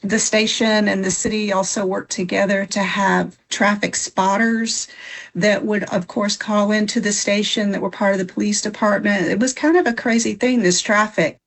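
A woman talks casually as an interviewee, restarting some phrases as she explains. Her voice sits at a middle pitch. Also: fairly even intonation, normal speed. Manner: informal, with restarts. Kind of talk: casual recollection.

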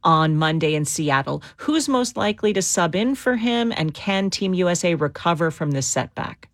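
A woman hosts a radio news segment in a lowish voice, recorded dry and close. She moves briskly, explaining for general listeners with the odd "um". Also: animated, no room sound. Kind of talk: news interview.

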